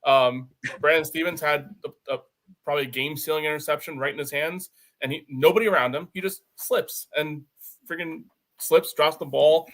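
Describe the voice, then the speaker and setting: A man's voice: fairly high pitch, steady tone, normal speed, a bit bright. A man co-hosting a casual sports talk show, often repeating words as he searches for them. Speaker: podcast co-host.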